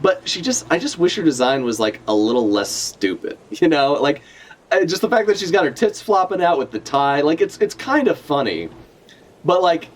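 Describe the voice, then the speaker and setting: A man's voice: fairly high pitch, sing-song, moderate pace. A man chatting casually on a live stream as he reacts to a comic chapter, rambling, swearing freely and correcting himself as he goes. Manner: rambling, profane, self-correcting.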